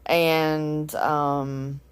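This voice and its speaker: A woman's voice: low voice, flat delivery, drawn-out words, clean tone. A woman, chatting casually and rambling with filler words as she vlogs her day. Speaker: vlogger. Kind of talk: casual vlog chat. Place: parked car in a parking deck; at home in a recliner.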